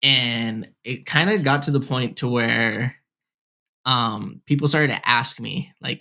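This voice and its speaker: Young male podcast co-host on headset mic, mid-pitched, loose rambling storyteller full of fillers. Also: a little slow, bright, forceful tone. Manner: rambling, heavy filler "like, whatever". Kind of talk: casual storytelling.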